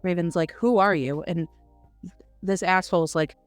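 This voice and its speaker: A woman with a fairly low voice reacts to a book's twists in a wry, animated way, leaning on "like" as she thinks aloud. It's a dry, close recording with soft music in the background. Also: moderate pace, clean tone, no echo. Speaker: podcast co-host. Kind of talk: casual book discussion.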